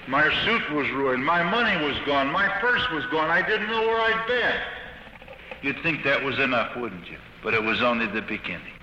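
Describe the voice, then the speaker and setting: A man giving his own testimony as a sermon, telling it earnestly with halting restarts, recorded on an old archival tape in a reverberant hall. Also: mid-range voice, animated, sharp tone, dull audio, a little hiss or hum. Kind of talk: sermon-style personal testimony.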